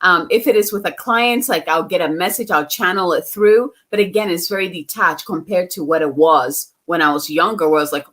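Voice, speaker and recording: Woman guest chatting away, lowish voice, laughs a lot, lots of likes and you knows. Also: a little fast, few pauses, a bit bright. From outside the US. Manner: chatty, laughs often, many fillers. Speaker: psychic medium guest. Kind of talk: casual interview storytelling.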